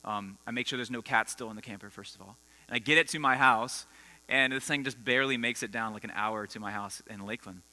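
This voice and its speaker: A man's voice: medium pitch, quick pace, pushed and bright. A man preaching a conversational sermon to students, telling stories and quizzing the audience. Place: school assembly hall. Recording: long hall reverb with mains hum.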